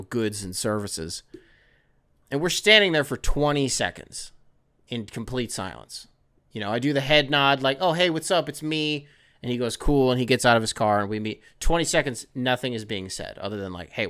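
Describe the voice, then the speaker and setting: A man's voice: on the high side, sharp tone. A young man hosting a podcast, talking in a rambling, profane, conversational way from the United States. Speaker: podcast host. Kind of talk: casual podcast monologue.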